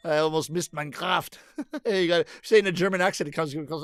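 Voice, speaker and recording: A middle-aged man with a fairly high voice hosts a casual livestream, reading out viewer comments and answering them with easy laughs. The sound is close and dry, with no room around it. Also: normal speed, no echo. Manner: chatty, laughs often, reads comments aloud and answers them.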